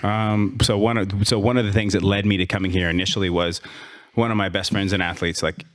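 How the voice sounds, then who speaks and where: Speaking a little fast in a low, fairly bright voice with a level tone, this podcast guest runs a gym and coaches. He rambles through a long story in casual interview talk, restarting often and tossing in sarcastic asides.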